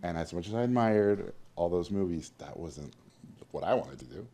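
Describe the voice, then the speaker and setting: A man being interviewed, telling lively stories about his early art training and acting out the people in them. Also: low-pitched, normal speed. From Mexico. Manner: animated storyteller, acts out quoted voices. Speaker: guest animator. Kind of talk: storytelling interview.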